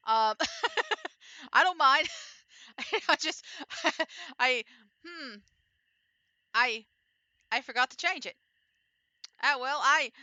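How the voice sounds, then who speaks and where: A woman streamer chats her way through a game in a rambling, easygoing way. Her voice sits a little high and sounds bright and crisp. The close mic gives a dry sound. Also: no echo. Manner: rambling, chatty, with frequent fillers. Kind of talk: casual let's-play commentary.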